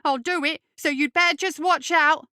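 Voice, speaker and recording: A woman's voice: sits high, steady tone, pushed and bright, no room sound, studio quality, pitched above the performer's own voice. A woman voicing a bigger street urchin boy, hot-tempered and bashful, insisting in slangy speech. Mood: stubborn. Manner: stubborn, indignant, slow insistent slang.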